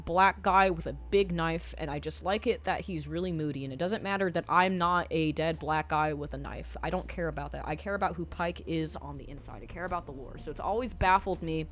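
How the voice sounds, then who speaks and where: A woman's voice: lowish voice, a little fast. A young woman streamer ranting on a live stream. She swears constantly and fills her talk with ums. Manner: profane, escalating rant with frequent ums.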